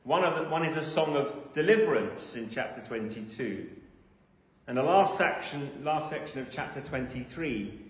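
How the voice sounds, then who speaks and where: A man's voice: on the high side, lively intonation, normal speed. A man preaching a sermon to a congregation, building to emphatic, repeated phrases. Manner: builds to emphatic, rising repetition. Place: church. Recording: echoey reverberant church hall.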